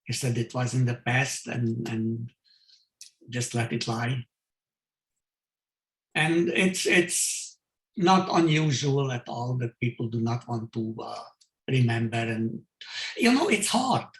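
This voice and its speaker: An older man from Hungary giving his survivor testimony, speaking haltingly with many fillers and restarts. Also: mid-range voice, expressive. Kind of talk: testimony in a video call talk. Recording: roomy echo.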